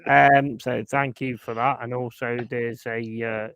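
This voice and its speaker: A man's voice: mid-range voice, flat delivery, measured pace, creaky, fairly bright tone, smooth, no room sound. Blunt, sweary man hosting a stream. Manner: blunt, sweary, jokey banter with chat. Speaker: live stream host. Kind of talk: casual stream chat.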